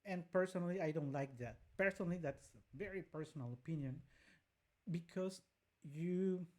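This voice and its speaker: A woman's voice: low-pitched, darkish tone. A woman, co-hosting a music show and explaining vocal technique in detail, with a patient, teacherly manner. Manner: explanatory, demonstrates by singing phrases. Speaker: co-host and vocal coach. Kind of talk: analytical music commentary with sung examples.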